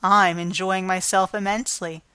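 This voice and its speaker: A woman reading an audiobook, voicing a calm, authoritative male theatre manager. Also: medium pitch, moderate pace, clear, resonant tone, no room sound, natural voice. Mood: commanding. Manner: calm, commanding, amused.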